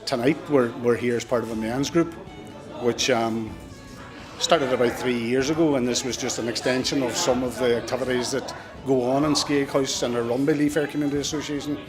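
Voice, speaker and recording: A man's voice: mid-range voice, fairly even intonation, brisk, over music. A man speaking as an organiser of a men's group, explaining plainly and steadily.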